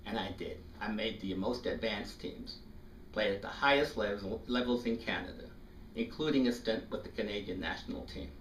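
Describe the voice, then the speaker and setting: A man in his fifties from South Africa, telling a personal story to an audience in an animated way and acting out the voices. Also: lowish voice, normal speed. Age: 50s. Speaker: speaker. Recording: echoey room, distant mic, faint noise.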